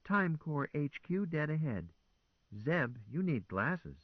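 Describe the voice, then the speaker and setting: A high, anxious female ship computer frets and digs in her heels, as a man puts her on. The voice leaps up and down with alarm. The recording is dry and a little dull. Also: very animated, takes it slowly, no room sound, full character voice. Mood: brisk. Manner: anxious, whiny, stubborn. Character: fretful female AI spaceship car.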